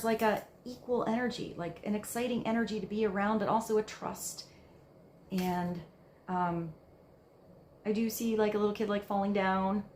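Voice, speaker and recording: A woman's voice: mid-range voice, darkish tone, roomy sound, a little hiss or hum. A woman giving a casual tarot reading, musing aloud in a rambling way with many fillers. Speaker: tarot card reader.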